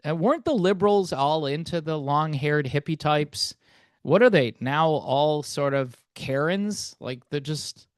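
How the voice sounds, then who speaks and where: A man's voice: on the high side, lively intonation, takes it slowly, no echo, studio quality. A man hosting a channel, giving his opinions in a casual, rambling monologue with frequent fillers. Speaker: host.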